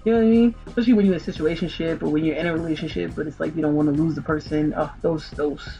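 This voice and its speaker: A woman's voice: low-pitched, steady tone, rapid-fire, gravelly, warm tone, lo-fi sound. A woman hosting a music channel, breaking down song lyrics in a chatty, slangy way with rhetorical questions. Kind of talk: casual commentary on song lyrics.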